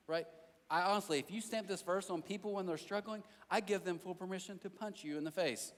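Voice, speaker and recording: A man preaching a sermon as a pastor, telling animated stories with self-deprecating jokes and talking directly to the crowd in a church auditorium. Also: sits high, brisk. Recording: long hall reverb.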